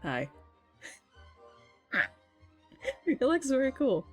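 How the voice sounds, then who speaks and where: Giggly woman streamer, lively pitch. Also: measured pace, pauses often, soft background music. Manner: giggly, self-deprecating asides. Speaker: host and game streamer. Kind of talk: casual let's play commentary.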